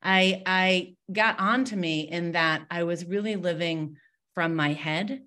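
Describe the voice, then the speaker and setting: A woman's voice: on the low side, slow. A woman guesting on a podcast interview, telling her story in a candid, open way. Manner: warm, candid storytelling with fillers. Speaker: podcast guest, mindset mentor.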